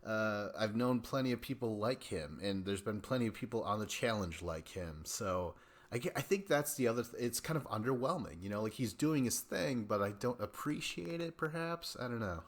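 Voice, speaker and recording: A man's voice: fairly low pitch, lively intonation, normal speed. A man hosting a podcast, giving a rambling, profane recap of a reality show and acting out people's lines in mocking voices. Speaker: podcast host. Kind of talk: casual recap commentary.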